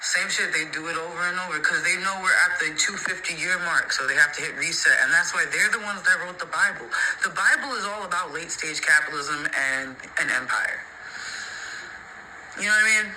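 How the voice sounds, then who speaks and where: A man's voice: on the high side, fairly quick, bright, forceful tone, a little hiss or hum, rough recording. A man in an opinionated, heated rant to the camera, emphatic and profane, repeating his points and mocking others. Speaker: social media creator.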